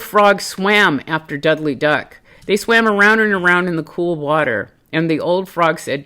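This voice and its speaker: Woman, storybook read-aloud, animated, lively ups and downs in pitch. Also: measured pace, few pauses. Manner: expressive, animated reading. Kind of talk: reading a picture book aloud.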